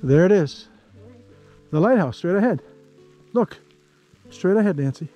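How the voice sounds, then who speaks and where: A man narrating a hike to the camera on an outdoor canyon trail, easygoing and chatty, thinking aloud with pauses. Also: high-pitched, lively intonation, dark tone, faint music behind. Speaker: travel vlogger.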